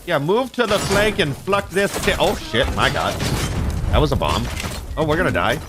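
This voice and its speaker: A man's voice: on the high side, animated, normal speed. A man swearing and reacting sarcastically while commenting on the shooter game he is playing. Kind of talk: casual gameplay commentary. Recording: loud game music under voice.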